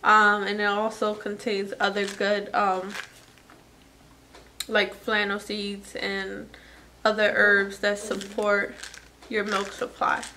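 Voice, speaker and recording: A woman's voice: mid-range voice, completely flat delivery, slow pace, long pauses, bright, forceful tone, a little hiss or hum. A woman vlogger and new mother talking casually through a product unboxing, chatty and self-deprecating, with fillers like "anywho".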